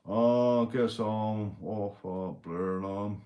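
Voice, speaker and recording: A man's voice: on the low side, steady tone, very slow, reverberant, muffled recording. A man with a Northern Irish Belfast accent, hosting a casual livestream, rambling and swearing as he greets viewers in the chat. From Northern Ireland. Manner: rambling, swears a lot, says mate and big up constantly. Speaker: livestream host.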